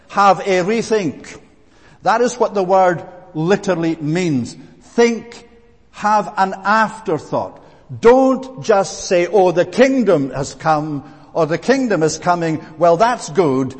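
A man preaching a sermon, earnest and emphatic, with frequent "eh" fillers and restarts. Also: high-pitched. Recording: long hall reverb.

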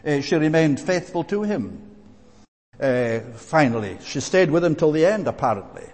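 A man's voice: fairly high pitch, big pitch swings, normal speed, a little mellow. A man preaching a sermon, earnest and emphatic, with frequent "eh" fillers and restarts. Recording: long hall reverb.

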